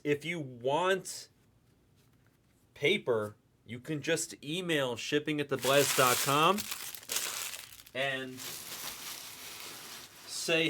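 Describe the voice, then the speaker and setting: A man's voice: on the high side, extremely slow, long pauses, sharp tone. Man, card break host, rambling live-stream chat, noisy background, wrapper crinkling. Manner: rambling, chatty, talks to the chat by name.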